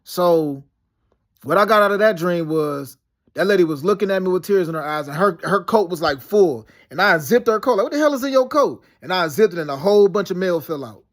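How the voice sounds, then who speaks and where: A man with a notably high speaking voice talks in a loose, rambling monologue. He circles back on himself with restarts, fillers and street slang like "yo" as he tells his story. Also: a little fast. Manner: slangy, peppered with "yo" and "you know what I'm saying". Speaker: vlogger recounting dreams and past events.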